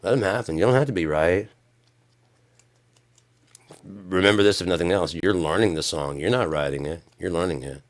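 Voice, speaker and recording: Deep-voiced man rambling on a live stream. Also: moderate pace, long pauses. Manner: sarcastic, swings into mock-angry yelling. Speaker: streamer and musician.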